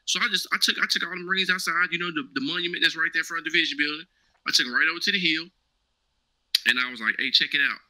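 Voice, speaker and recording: A man's voice: a little high, fairly even intonation, very fast, pushed and bright, rough recording. A man, a former Marine, telling a casual story as an interview guest. He talks animatedly, acts out the dialogue and keeps checking in with "right?".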